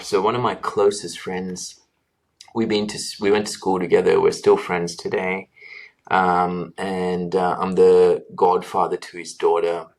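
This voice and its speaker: A man with a very deep voice talks earnestly about his life in a long interview answer. He often pauses with fillers and restarts his sentences. He is a doctor in his thirties. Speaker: guest, doctor.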